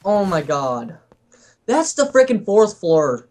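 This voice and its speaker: A man's voice: high-pitched, big pitch swings, takes it slowly, a little mellow. A young man hosting a casual let's play, exasperated and swearing through his commentary. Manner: exasperated, swears, frequent outbursts.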